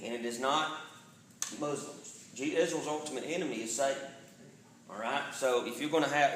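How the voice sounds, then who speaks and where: A man's voice: medium pitch, a bit bright, echoey room, slight background noise, poor audio. A man, a pastor teaching a Bible study in a casual way, often checking in with the room. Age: 40s. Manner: conversational, checks in with "all right?". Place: church sanctuary.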